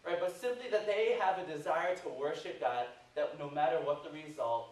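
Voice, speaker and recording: Casting: male preacher, lively storytelling sermon, distant mic, faint hiss. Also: fairly high pitch, moderate pace, few pauses, heavy reverb. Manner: animated storytelling, frequent "right?" asides. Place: church.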